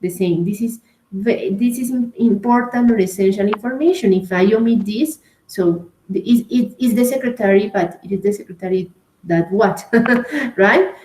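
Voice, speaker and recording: A woman's voice: medium pitch, mellow. A woman with a Colombian Spanish accent leads an English grammar class and takes her time over each point. She keeps checking in with "right?" and "okay?" as she explains. Her voice has a noticeable echo, as if she is in a bare room. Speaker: English teacher. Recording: echoey room.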